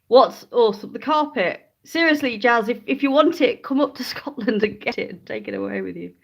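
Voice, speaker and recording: A woman chats on a live stream from her home, holding her phone close. Her talk is loose and friendly, and she keeps breaking off to call her dogs. Her pitch rises and falls freely in a lively way. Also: normal speed, vocal fry, slightly rough. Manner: chatty and easily sidetracked, talking to viewers and calling her dogs. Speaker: livestreaming vlogger. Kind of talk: casual live-stream chat. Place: living room of a rented house, indoors. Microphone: handheld phone, then a phone stand.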